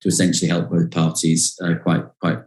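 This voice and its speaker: A man's voice: deep voice, completely flat delivery, fairly quick, a little mellow, roomy sound, poor audio. A man, a behavioral science consultant, talking through an example in a conversational interview, with many fillers and repeated words.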